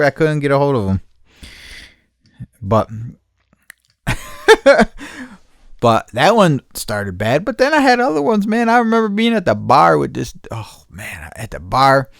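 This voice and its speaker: A man's voice: fairly high pitch, big pitch swings, moderate pace, long pauses, no room sound, clean studio sound. A man hosting a podcast, telling a rambling, profane story in a casual monologue and laughing as he goes. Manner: rambling, profane, laughing, acts out his own shouts. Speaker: podcast host.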